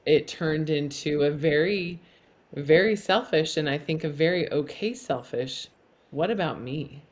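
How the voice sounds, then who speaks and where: Casting: middle-aged woman, candid interview guest, earnest with flashes of self-mocking humor. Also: low-pitched. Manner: earnest, animated, laughs at herself. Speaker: podcast guest.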